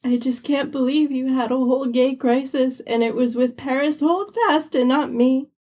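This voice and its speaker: Woman voicing a weepy teen girl, high, husky, gushing. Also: moderate pace, darkish tone. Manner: tearful, gushing. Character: weepy, lovestruck young woman, teen friend.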